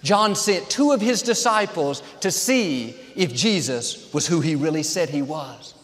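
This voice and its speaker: Short phrases, said again and again, carry this high-voiced male pastor toward each point of his sermon. He takes his time, with lively intonation and a slightly bright tone. A long reverb lets his voice ring through what sounds like a large hall.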